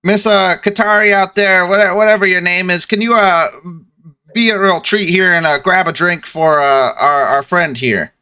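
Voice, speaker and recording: A man's voice: high voice, moderate pace, sharp tone, clean tone, dry recording, voice pushed up. A man putting on a chummy sly investigator. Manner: chummy, wheedling, filler-heavy. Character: smooth-talking male investigator, coaxing and sly.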